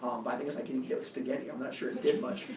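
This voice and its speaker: A man's voice: mid-range voice, racing, echoey room, far from the mic, background noise. A man, a coach, telling a personal story casually and acting out the voices of the people in it. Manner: animated, acts out quoted voices.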